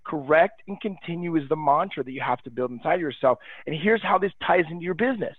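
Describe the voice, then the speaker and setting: A man's voice: a little high, animated, quick pace, hardly any pauses, breathy edge, no room sound. A man in his thirties, a podcast guest, talking in an enthusiastic, emphatic, motivational way. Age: 30s. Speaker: podcast guest, real estate agent. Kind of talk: casual interview chat. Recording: tinny phone-like line, dry.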